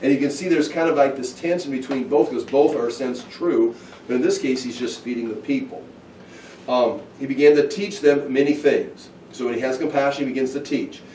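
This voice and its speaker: A man teaching through a Bible passage, talking casually and acting out the scenes with lively bursts. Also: mid-range voice, a little fast, slight background noise. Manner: animated, acts out scenes with excited outbursts. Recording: echoey room, heard from a distance.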